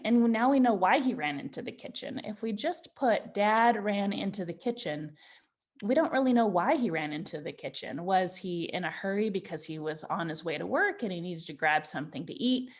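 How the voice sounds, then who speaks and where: A woman's voice: on the low side, animated. Patient woman teaching young children. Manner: slow, patient and encouraging, stretching out example sentences. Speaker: Montessori teacher. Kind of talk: children's writing lesson.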